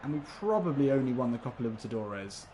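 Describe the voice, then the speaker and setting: A man's voice: medium pitch, expressive, quick pace, mellow, a little hiss or hum. A man commenting live on a football video game, chatty and laughing often, swearing casually and talking to his viewers. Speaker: gaming livestreamer.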